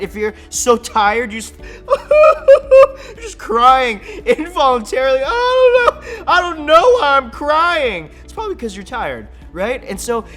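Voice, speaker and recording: Upbeat young man giving a kids' talk. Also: fairly high pitch. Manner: playful, animated, acts out silly voices and laughs. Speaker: kids ministry speaker. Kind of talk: energetic kids' sermon.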